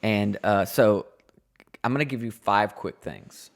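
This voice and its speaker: Man, thirties, podcast co-host, somewhat low voice, earnest, chatty, lots of restarts. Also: a little slow, creaky. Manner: earnest, rambling, frequent restarts and fillers. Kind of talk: casual podcast chat.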